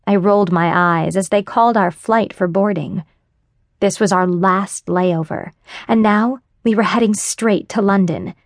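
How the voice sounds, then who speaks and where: Slow, wry woman narrating a romance. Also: mid-range voice, dry recording, clean studio sound. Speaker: audiobook narrator. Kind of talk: first-person romance narration. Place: dry studio booth. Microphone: close studio mic.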